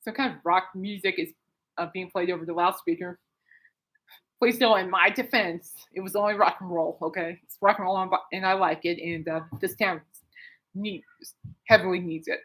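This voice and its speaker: A woman hosting her own podcast alone at home at night, telling a long story in a rambling, excitable way full of fillers and asides. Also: on the low side, moderate pace, poor audio. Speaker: podcast host. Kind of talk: casual rambling monologue.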